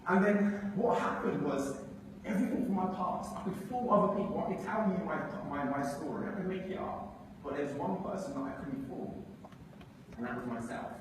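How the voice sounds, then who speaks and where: A man's voice: fairly high pitch, animated, normal speed, background noise. A young man from England with an English accent, telling his story as a live motivational speaker, acting out voices and stirring up the crowd. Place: large hall on stage. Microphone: far from mic. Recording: echoey hall, far from mic.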